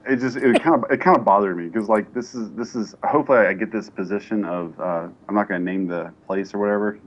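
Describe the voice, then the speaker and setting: A man with a fairly low voice makes dry, deadpan remarks on a podcast. His mic sounds a little muffled. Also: fast. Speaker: podcast host. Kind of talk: casual chat.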